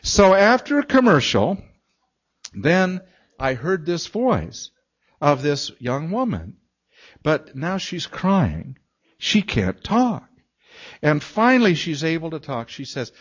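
A man preaching through a long story, slow and unhurried, his pitch swinging widely as he acts out each voice. The recording is dull and lo-fi. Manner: animated storytelling, acting out quoted voices. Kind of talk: storytelling sermon.

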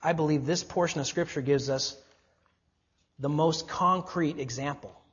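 A man delivering a sermon in an emphatic voice. He leans on rhetorical questions and slows right down to stress the key phrases. The recording sounds dull and lo-fi, with the top end missing. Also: fairly high pitch, a bit bright. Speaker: preacher.

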